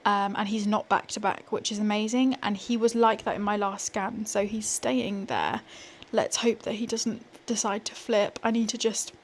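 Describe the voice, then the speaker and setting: A woman's voice: medium pitch, steady tone, moderate pace, few pauses, slight background noise. A young British woman, pregnant, chatting casually to a handheld camera in a vlog with self-deprecating asides. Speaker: vlogger. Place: indoors at home and walking outdoors. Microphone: small handheld gimbal camera.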